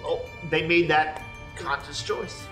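A woman's voice: sits low, fairly even intonation, takes it slowly, pushed and bright, faint music behind. A woman in a heated focus group who challenges others bluntly and repeats her questions.

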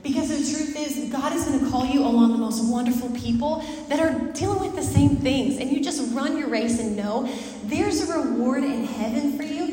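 A woman preaching a lively sermon to a congregation, talking conversationally and asking them questions. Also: a little high. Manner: animated, conversational, asks the audience questions. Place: church hall with a live congregation. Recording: echoey hall, mic far off.

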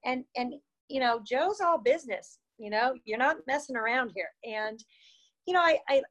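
A woman's voice: high-pitched, animated, normal speed, fairly bright tone, muffled recording. Chatty woman telling her running story. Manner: chatty, full of "you know" and "like"; laughs often while telling stories. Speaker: interview guest, former distance runner. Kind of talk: casual storytelling.

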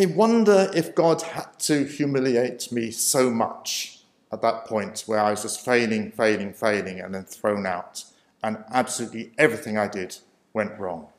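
A man and preacher telling his life story as a personal testimony in a self-deprecating way, often chuckling. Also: mid-range voice. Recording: roomy echo.

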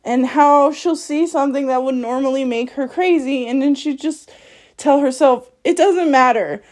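A woman's voice: high voice, moderate pace, darkish tone. A woman hosting a podcast, telling a personal story in a frank, profane way and laughing often as she talks. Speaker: podcast host. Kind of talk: candid personal monologue.

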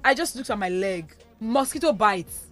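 A woman's voice: medium pitch, moderate pace, no room sound, faint music behind. A woman with a Nigerian accent co-hosting a radio show from the studio, chatting casually and telling stories with many asides. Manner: animated storyteller, lots of asides and fillers. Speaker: radio co-host.

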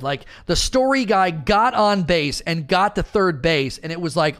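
A gaming streamer rants about a game season in a lively voice that rises and falls sharply. He rambles, repeats himself and keeps coming back to baseball analogies, with faint music playing behind him. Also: sits high, normal speed, few pauses. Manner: animated, rambling, frustrated, uses sports analogies. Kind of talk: casual gaming commentary rant.

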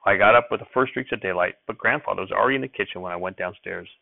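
Gravelly man reading a novel aloud. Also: low-pitched, rapid-fire, dry recording. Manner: steady narration with small slips and self-corrections. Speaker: reader. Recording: dry, thin phone-like sound.

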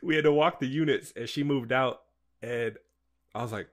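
A young man co-hosting a podcast, chatting in a relaxed, slangy way and quoting himself as he tells stories. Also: medium pitch, normal speed, a little hiss or hum. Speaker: podcast co-host. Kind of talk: casual chat.

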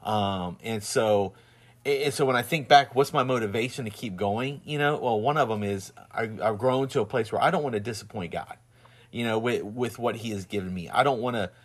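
A man's voice: lowish voice, a little fast. A man with a Southern twang in casual chat, rambling with many restarts and laughing often as he tells stories. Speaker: husband and father.

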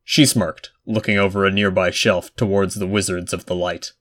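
Low-voiced man reading a story. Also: little pitch movement, normal speed, fairly bright tone. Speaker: audiobook narrator. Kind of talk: reading fan fiction aloud.

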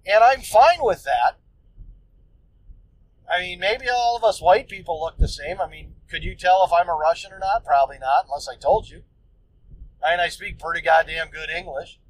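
High-voiced man ranting profanely. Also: normal speed, rough recording. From United States. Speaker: podcast host. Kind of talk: solo podcast monologue.

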